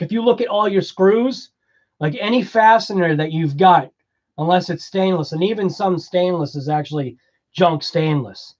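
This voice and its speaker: A man's voice: a little high, a little mellow, muffled recording. A man with a Boston accent hosting a casual livestream, chatting with viewers, laughing often and rambling through explanations. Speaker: livestream host.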